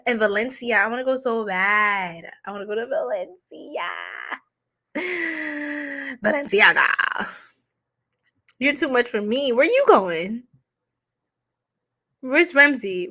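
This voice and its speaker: A young woman hosting a casual livestream, chatty and giggly, telling stories quickly with lots of fillers. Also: on the high side, sharp tone. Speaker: psychic reader and livestream host.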